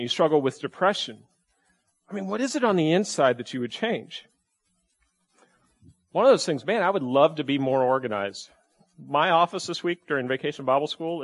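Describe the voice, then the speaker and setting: A male pastor giving a sermon in a conversational way, asking the congregation many rhetorical questions and often repeating and restarting phrases. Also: a little high.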